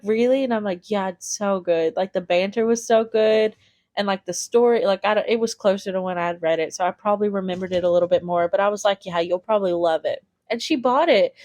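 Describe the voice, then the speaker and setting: A woman's voice: fairly high pitch, no echo, clean studio sound. A young woman hosting a podcast, telling rambling everyday stories in a casual chatty way, full of "like" and "literally". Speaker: podcast host. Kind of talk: casual storytelling monologue.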